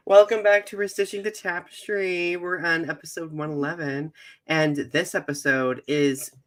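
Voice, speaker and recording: A man's voice: on the high side, fairly even intonation, measured pace. A Midwestern American man hosting a casual podcast, speaking with giggly enthusiasm and laughing often. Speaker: podcast host. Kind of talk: casual chat.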